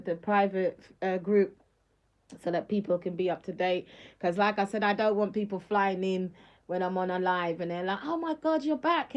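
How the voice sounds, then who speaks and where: A middle-aged woman, talking on a casual live stream in an emphatic, slangy way and laughing often. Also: mid-range voice.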